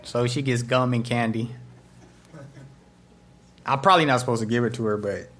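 A pastor speaks at normal speed in a mid-range male voice, telling stories throughout his sermon. He's animated, acting out the voices of the people involved.

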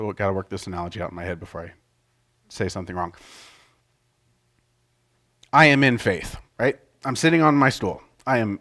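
A middle-aged man preaching a casual sermon in a conversational way, often restarting his sentences and acting out quotes loudly. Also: on the low side.

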